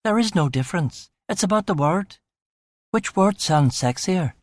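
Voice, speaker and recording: A teasing, sentimental young woman in a crime audiobook, her voice lifted higher and quieter than the rest of the reading, as a male narrator puts her on. She asks her questions lightly and playfully. The recording is dry and close. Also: animated, moderate pace, no room sound.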